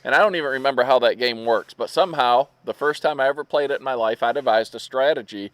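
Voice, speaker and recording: A middle-aged man from Michigan with a rural drawl, co-hosting a casual podcast chat and telling stories in an animated way. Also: medium pitch, quick pace, no room sound. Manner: animated storyteller, acts out others' voices. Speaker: podcast co-host.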